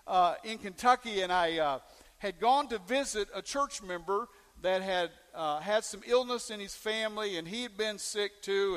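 High-voiced pastor preaching in a reverberant hall. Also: male voice, a bit bright. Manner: folksy storytelling with questions to the congregation. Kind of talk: sermon.

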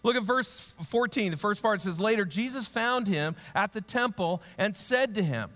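A man preaching a sermon in a lively, humorous way, acting out the story in voices and then dropping into quiet, earnest reflection. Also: normal speed, few pauses, long reverb tail. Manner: drops to a low, quiet, earnest tone. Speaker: pastor.

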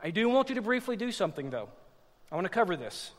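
A man preaching a sermon as a pastor, animated and joking, swinging from loud exclamations to hushed asides. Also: sits high, fast talker, long reverb tail.

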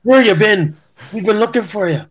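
A man putting on a brisk Irish bodyguard. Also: sits high, animated, pitched above the performer's own voice. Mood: eager. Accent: Irish, put on.

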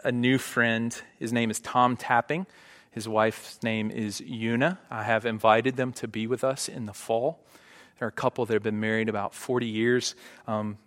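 A man's voice: mid-range voice, a bit bright. A man preaching a sermon to a congregation, conversational and often checking in with "right?". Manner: conversational, frequent "right?" asides. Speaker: pastor. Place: church sanctuary. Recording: long hall reverb.

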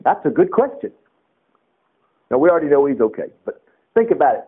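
A man teaching the Bible on a radio program, reading verses aloud and commenting on them in an animated way with playful asides. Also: a little high, a little fast, husky. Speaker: preacher. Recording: tinny phone-like radio broadcast.

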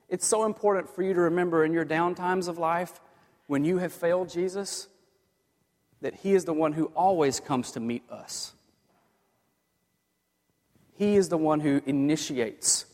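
A man preaching a sermon as a pastor, earnest, moving from hushed lines to emphatic ones. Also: on the high side, normal speed, long pauses. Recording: long hall reverb.

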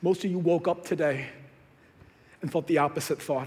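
A man preaching a sermon as pastor, swinging between hushed lines and loud, excited bursts. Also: on the high side, moderate pace. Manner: animated, swinging from hushed to shouted. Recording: long hall reverb.

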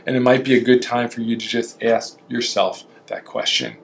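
A man's voice: mid-range voice, sing-song, moderate pace, creaky. A man in his forties, a pastor giving a short encouraging sermon in a conversational way, often asking "right?".

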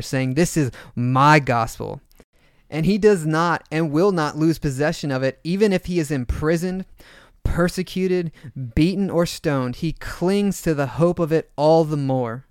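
A man's voice: a little high, unhurried, clean tone, no echo, clean studio sound. A man co-hosting a Bible teaching podcast, speaking earnestly and urging listeners on. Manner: earnest, exhorting.

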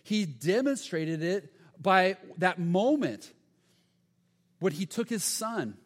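A man's voice: high voice, sing-song, slow. A man preaching a sermon as pastor, earnest and emphatic, sometimes stumbling over his words. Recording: long hall reverb.

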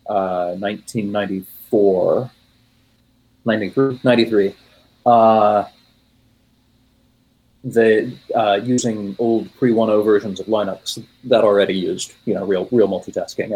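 Husky-voiced rambling tech man. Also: fairly low pitch, steady tone, measured pace, darkish tone, rough recording. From United States. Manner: rambling with frequent fillers and self-corrections. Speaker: podcast guest. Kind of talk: casual technical chat.

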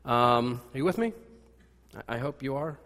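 A man's voice: mid-range voice, moderate pace, fairly bright tone. Man preaching in a reverberant hall. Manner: rambling, many fillers and restarts, wry asides. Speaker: pastor. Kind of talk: conversational sermon.

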